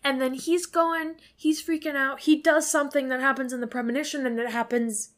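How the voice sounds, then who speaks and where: A woman's voice: high-pitched, fairly even intonation, brisk. Rambling, swearing woman podcast co-host. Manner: rambling, filler-heavy, swears freely. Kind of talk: casual movie recap chat.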